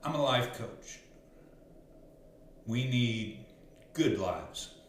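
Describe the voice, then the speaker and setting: A man's voice: medium pitch, expressive, extremely slow. Folksy man in an echoey room. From Arkansas. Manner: rambling, earnest, folksy. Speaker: life coach. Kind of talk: casual storytelling monologue. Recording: very echoey room, faint noise.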